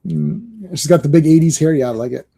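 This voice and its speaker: A man's voice: fairly high pitch, brisk, vocal fry, warm tone. A man co-hosting a casual comic book talk show, joking and laughing often. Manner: laughs often, jokey, mimics characters. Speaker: podcast co-host.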